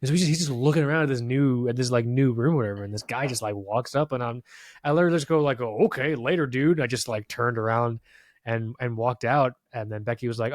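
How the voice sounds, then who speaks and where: Man, podcast co-host, casual storytelling, heavy swearing, frequent restarts, mid-pitched voice, dry close sound. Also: fast, no echo. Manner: profane, rambling storytelling with many restarts. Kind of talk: casual chat. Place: podcast studio.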